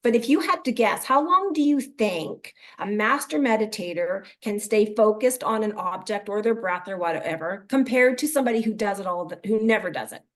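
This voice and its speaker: A middle-aged woman, a mental performance coach, talking casually in an interview and acting out inner thoughts in lively quoted voices. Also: medium pitch, normal speed, few pauses.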